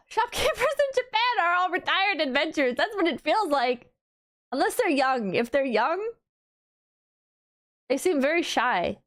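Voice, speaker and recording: A high-pitched woman from the United States chatting casually on a stream. She rambles and swears, and she keeps jumping into loud, incredulous disbelief. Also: sing-song, unhurried, pauses often. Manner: rambling, profane, exasperated mock disbelief with laughing outbursts. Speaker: VTuber streamer.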